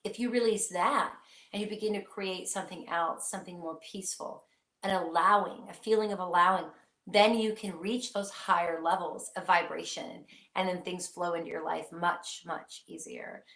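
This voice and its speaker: A woman's voice: on the low side, steady tone, normal speed, fairly bright tone. Reassuring woman in an echoey room. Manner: earnest, reassuring, speaks directly to viewers. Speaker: psychic host answering viewer questions. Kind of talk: live-stream question-and-answer chat.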